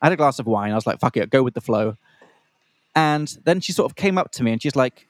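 This fast-talking young Australian man, with a mid-range voice and lively intonation, co-hosts an English-learner podcast. His story rambles casually, broken up by slang explanations and impressions of other voices, all without echo.

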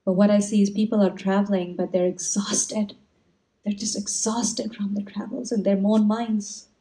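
A woman gives a reflective spiritual talk in a soft, mellow voice. She speaks gently at a middle pitch, unhurried, and weaves in stories as a teacher would. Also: little pitch movement, rough recording. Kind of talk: inspirational talk.

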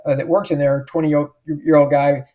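A man's voice: fairly high pitch, level tone, normal speed, dark tone. A middle-aged man, an author and podcast guest, telling a story emphatically and acting out the dialogue he remembers. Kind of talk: storytelling in an interview.

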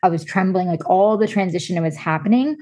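A woman in her thirties, a podcast guest, telling a personal story in a lively way with frequent laughter. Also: fairly low pitch, fast. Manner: animated storyteller who laughs often. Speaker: podcast guest, breathwork facilitator and spiritual coach. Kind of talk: casual storytelling interview.

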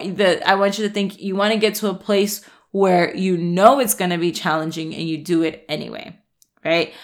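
A woman's voice: lowish voice, a bit bright. A woman working as a happiness and nutrition coach, giving a casual motivational talk in a frank, chatty way, often restarting sentences, laughing and swearing.

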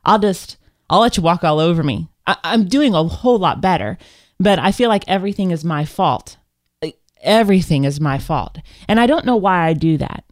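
A woman co-hosting a casual live talk show, telling stories in an animated, candid and self-reflective way. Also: fairly low pitch, normal speed, no room sound, clean studio sound. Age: adult with children. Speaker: podcast co-host. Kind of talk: casual chat.

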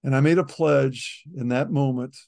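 Middle-aged man, gravelly, dark voice, earnest personal testimony, stumbling repeats. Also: mid-range voice, fairly even intonation, moderate pace. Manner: earnest storytelling, repeats words when emotional. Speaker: ministry leader, guest.

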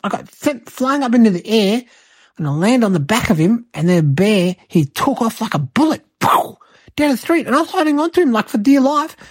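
A woman's voice: a little high, no echo. Woman playing a rambling eight-year-old boy. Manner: rambling, breathless, childlike exaggeration. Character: cheeky eight-year-old boy telling tall tales. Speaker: host. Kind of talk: comic storytelling monologue.

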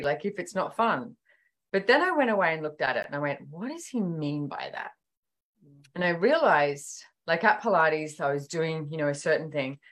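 This guest author has a deep voice and a moderate pace. On a casual podcast she tells animated stories, acting out what people said, with frequent fillers like "like" and "you know".

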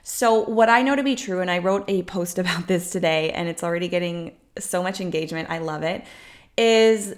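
Young adult woman, slightly low voice, podcast coach, chatty, upbeat and emphatic, fillers everywhere. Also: moderate pace. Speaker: podcast host and business coach. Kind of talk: casual motivational monologue.

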